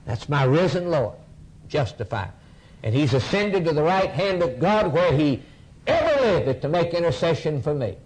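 A man preaching a fiery sermon, repeating phrases in waves and swinging from shouts down to near whispers. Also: on the high side, big pitch swings, moderate pace, breathy edge, rough recording.

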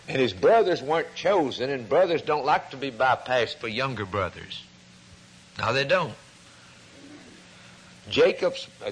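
In a sermon, a man tells a story and dramatizes the quoted voices, his pitch lifting when he's stirred. There's a breathy edge to his voice, and the recording quality is rough.

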